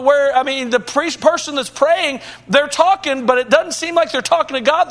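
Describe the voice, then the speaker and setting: A pastor with a drawl delivers a verse-by-verse sermon in a strikingly high voice. He preaches earnestly, posing rhetorical questions and restarting his phrases as he works through the passage. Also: a bit bright.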